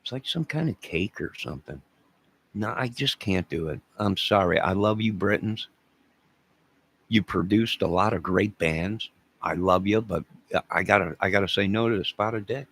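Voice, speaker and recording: A man's voice: on the low side, moderate pace, a bit bright. An older man hosting a casual livestream, rambling and joking as he reads viewers' chat aloud. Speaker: livestream host reading chat.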